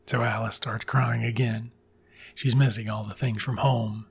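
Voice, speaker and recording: A man with a gravelly, deeply husky voice recaps a classic tale in a loose, offhand way. He is sardonic and irreverent, dropping swear words freely. His pitch sits in an ordinary middle range. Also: little pitch movement, measured pace. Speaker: storyteller. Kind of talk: casual profane retelling of a classic story.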